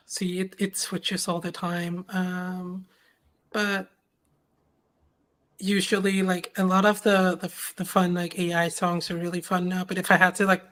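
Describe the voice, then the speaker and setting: A young woman with a slightly low voice answers interview questions in a loose, rambling way. She searches for her words, and her speech is full of ums and likes. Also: level tone, unhurried, a bit bright. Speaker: open source maintainer guest. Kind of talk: casual interview chat.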